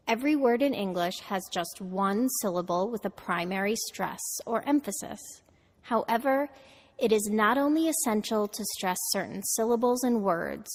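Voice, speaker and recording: A woman narrating a scripted pronunciation lesson, modeling words slowly and clearly for listeners to repeat. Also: mid-range voice. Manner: slow, deliberate, models words for repetition. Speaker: pronunciation teacher. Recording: reverberant audio played through a video call.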